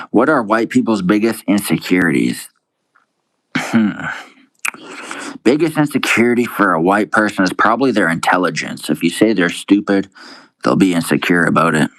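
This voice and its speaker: A man's voice: deep voice, fairly bright tone, no echo, low-quality recording. A young man on a casual livestream, reading viewer comments aloud and answering them with crude, profane, laid-back banter, calling everyone dude. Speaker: live streamer.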